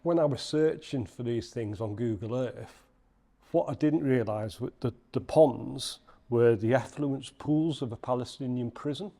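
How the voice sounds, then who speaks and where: A man from Liverpool with a Liverpool accent, a podcast guest telling a lively anecdote in casual chat, acting out the people he quotes. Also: medium pitch, a little slow, gravelly. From Liverpool, England. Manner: animated anecdote-telling with acted quotes and laughs. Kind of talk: storytelling in casual interview.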